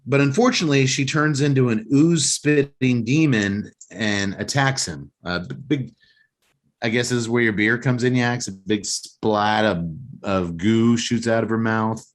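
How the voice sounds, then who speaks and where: A man's voice: medium pitch, normal speed. A man with an ordinary mid-range voice retells a film's plot for his co-hosts, cracking jokes as he goes. He speaks into a podcast mic in a loose, chatty way. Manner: joking storyteller, recapping a film plot. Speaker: podcast co-host. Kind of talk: casual chat and movie recap.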